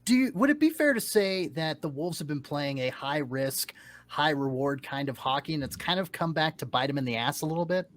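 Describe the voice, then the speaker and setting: A man's voice: a little high, brisk. A man co-hosting a podcast, chatting playfully and tossing questions to his co-host. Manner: lively, playful, chuckling asides. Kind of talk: casual podcast chat.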